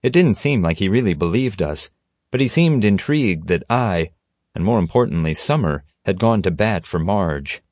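Male narrator, low voice, steady storytelling, dry close studio sound. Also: normal speed, dry recording. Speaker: audiobook narrator. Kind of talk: scripted narration.

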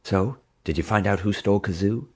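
In a storybook reading, a deep-voiced man plays a bold, teasing young girl who talks eagerly and keeps asking questions. His delivery is fairly quick, with a breathy edge.

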